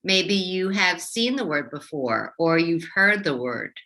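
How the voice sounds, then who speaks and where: A woman teaching young children in a slow, carefully enunciated voice that swings widely in pitch. Her tone is bright and a little low for a woman. She sounds like a patient classroom teacher stretching out every sound. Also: lively intonation. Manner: slow, clearly enunciated, sing-song teacher voice. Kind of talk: children's phonics lesson.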